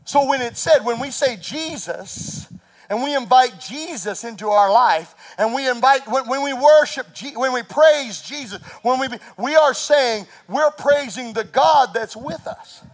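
A man preaching a sermon as pastor, rising to shouts and telling stories with laughter. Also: very high-pitched, expressive, unhurried.

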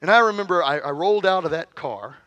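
A man's voice: fairly high pitch, lively intonation, fast, a bit bright, no echo. A middle-aged male pastor preaching a fervent sermon with call-and-response, telling stories and joking with the congregation.

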